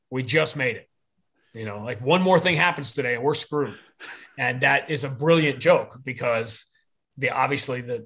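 A man speaks at a middle pitch as a podcast guest. His talk is rambling and opinionated, with many restarts and self-corrections as he works through his point. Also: fairly bright tone. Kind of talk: casual podcast conversation.

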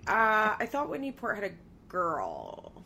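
A woman's voice: medium pitch, a little slow, creaky. Chatty young woman, casual podcast talk. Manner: chatty, animated, lots of "like". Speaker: podcast host. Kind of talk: casual chat.

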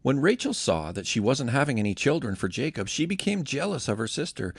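A man reading a scripture passage aloud, telling it as an expressive story. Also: mid-range voice, brisk, hardly any pauses, breathy edge, no echo. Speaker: Bible reader.

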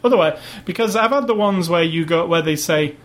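A man's voice: on the high side, fairly quick, a bit bright. A man co-hosting a podcast in casual chat, rambling and laughing as he jokes. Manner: rambling, jokey, laughs often. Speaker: podcast co-host.

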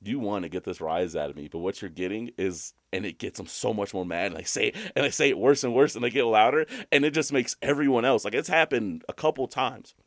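Podcast co-host, male, from Alabama; low voice, dry close sound, animated storyteller who breaks into high laughter. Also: fast, few pauses, no echo. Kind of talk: casual chat.

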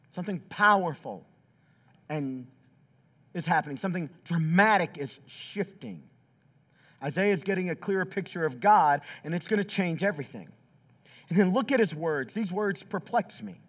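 A man's voice: fairly high pitch, expressive, a little slow, long pauses, a bit bright. A pastor preaching a sermon in a church, acting out quotes with big swings in his voice. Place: church sanctuary.

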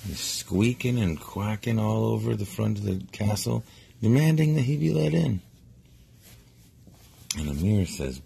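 Deep gravelly man telling a bedtime story. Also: unhurried, long pauses. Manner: relaxed, meandering, self-correcting.

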